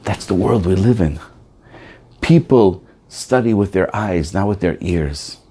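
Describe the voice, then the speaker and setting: A rabbi preaching, telling stories and acting out the voices of the people in them. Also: male voice, sits low, unhurried, slight background noise. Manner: animated, acts out voices in his stories. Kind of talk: storytelling sermon.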